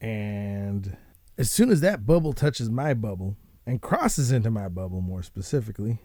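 A man hosting a casual show, ranting and swearing in a rambling, animated way. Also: fairly low pitch, moderate pace, dry recording, clean studio sound. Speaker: podcast host.

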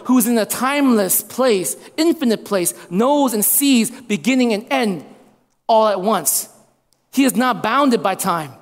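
Pastor guy preaching, voice jumps all over, long hall echo, says stuff twice. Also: sits high. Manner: animated preaching, repeats lines for emphasis. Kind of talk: sermon.

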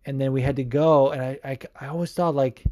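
Mellow-voiced man rambling casually. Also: mid-range voice, fairly even intonation, fairly quick. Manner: rambling and profane, heavy on "like". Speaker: podcast host. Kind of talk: casual chat.

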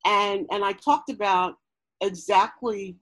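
A woman's voice: medium pitch, fairly even intonation, slow pace, fairly bright tone, no echo, poor audio. A woman in her forties, talking earnestly about family in a conversation, with frequent fillers and restarts. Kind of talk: personal storytelling in conversation.

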